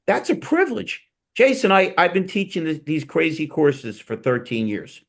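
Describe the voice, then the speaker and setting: A man's voice: fairly high pitch, sing-song, normal speed, creaky. A man hosting a casual panel chat, teasing his guests and telling digressive, joking stories. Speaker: host.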